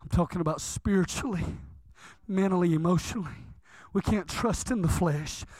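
A man's voice: high-pitched, no echo. A man, fervent and emphatic, stretching out the words he stresses. The sound is dry and close, with no room around it. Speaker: preacher. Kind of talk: sermon.

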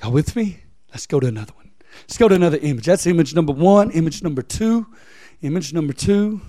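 A man's voice: on the high side, animated, a little fast, mellow, no echo, studio quality. A man preaching a sermon, repeating phrases and rising into emphatic, near-sung lines.

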